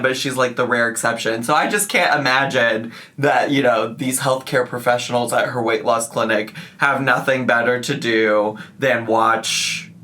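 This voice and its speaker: A man talks through a reaction video in a chatty, sarcastic way, laughing now and then. His voice is bright and forward, at a middle pitch for a man. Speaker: YouTube commentary host. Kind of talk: reaction commentary.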